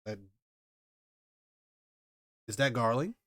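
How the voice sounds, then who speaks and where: Male streamer, mid pitch, excitable slangy reactions, dry close sound. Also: slow, dry recording. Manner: animated, exclaiming, slangy commentary. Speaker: manga reaction host. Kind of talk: live manga reading and reaction.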